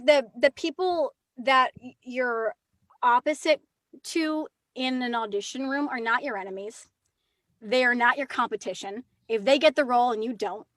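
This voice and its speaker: A woman with a high, bright-pitched voice talks easily as an interview guest. She is chatty and lively, tumbling into quick asides. Her voice sits close and dry, with no room around it. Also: no echo. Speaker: actress guest. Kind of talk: casual interview chat.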